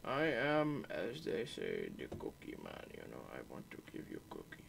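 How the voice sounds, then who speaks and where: A man's voice: wildly swooping pitch, moderate pace, vocal fry, slight background noise, full character voice. A man putting on a creepy sinister child-stalker. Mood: sinister coaxing. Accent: put-on Indian accent. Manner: sinister low murmur, mock-gentle.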